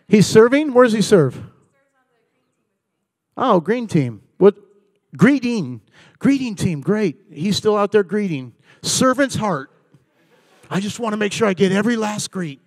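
A man in his forties giving a comedic talk to a live church audience, telling animated stories and bantering with the crowd. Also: sits high, a little slow, long pauses, no room sound. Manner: animated storytelling, acting out dialogue and bantering with the audience. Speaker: guest speaker at church. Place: church service.

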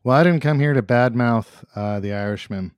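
A man's voice: medium pitch, fairly quick, clean tone, dry recording. A man hosting a casual movie podcast, rambling with many fillers and restarts.

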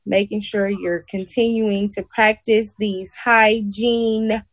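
A woman on a video call, talking in a slow, encouraging, faith-minded way in a casual chat. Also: medium pitch, little pitch movement, dry recording, rough recording.

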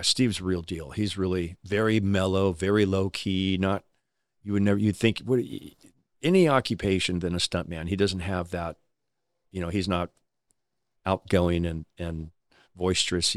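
A man who is a stunt driver, guesting on an interview show and telling anecdotes in a casual, animated way, acting out the voices of people he quotes. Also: deep voice, moderate pace, no room sound, studio quality.

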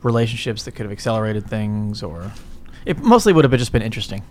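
A man's voice: fairly low pitch, animated, quick pace, slight background noise. A middle-aged man, a business guest in an interview, talking casually in a rambling way, swearing often and tagging his points with "right?". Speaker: guest entrepreneur.

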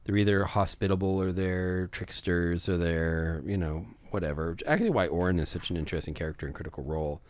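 A man's voice: sits low, a little fast, few pauses, darkish tone, no room sound. A man who runs tabletop games, chatting casually and earnestly with some hesitation. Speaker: podcast co-host, game master.

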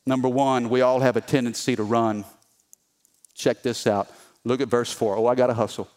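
A man preaching a sermon as a pastor, animated and humorous, reading scripture aloud and calling on the congregation to answer. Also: medium pitch. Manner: reads scripture aloud with voiced characters.

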